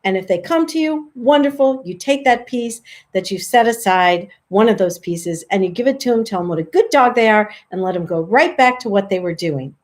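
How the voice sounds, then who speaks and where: A woman dog trainer giving a casual, friendly how-to talk, chatty and relaxed, lifting her voice high for sample calls. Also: moderate pace, few pauses. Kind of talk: casual instructional talk to camera.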